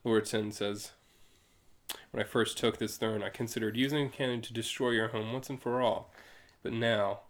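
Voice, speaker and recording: A man's voice: on the low side, fairly even intonation, normal speed. A man co-hosting a casual chat, reading comic book lines aloud with playful voices and frequent laughs. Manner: reads characters aloud with playful goofy voices, laughs often. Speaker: podcast co-host.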